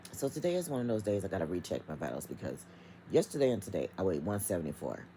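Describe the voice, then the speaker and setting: Very deep-voiced, animated woman vlogger. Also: fast talker, slight background noise, poor audio. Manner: emphatic and chatty, addresses viewers directly. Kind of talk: casual vlog rant.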